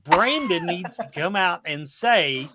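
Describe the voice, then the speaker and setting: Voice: medium pitch, lively intonation, slow, crowd noise. Dry host with notes, mid voice. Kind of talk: casual chat.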